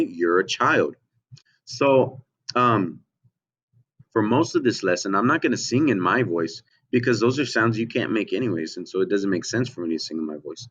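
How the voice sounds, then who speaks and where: A man's voice: on the low side, a bit bright. Patient male music teacher, lo-fi sound. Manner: patient, repeats "okay?" often, checks in with the children. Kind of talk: online music lesson for children.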